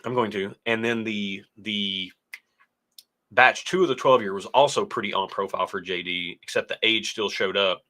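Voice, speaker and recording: Young guy rambling thru live chat, kinda low voice, bright and forceful. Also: steady tone, moderate pace. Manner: rambling, laughs easily. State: stuffy nose. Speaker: co-host of a whiskey tasting livestream. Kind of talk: casual chat, reading live chat aloud.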